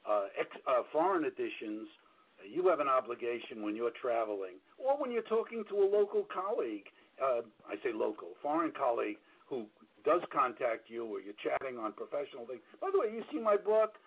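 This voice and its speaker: A man's voice: medium pitch, animated, brisk, slightly rough. A blunt man with a New York accent gives straight-talking advice as an auditor on a call-in broadcast. He talks plainly, trips over fillers and restarts, and doesn't sugarcoat anything. His voice comes through thin and tinny, like radio over a phone line. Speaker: book royalty auditor.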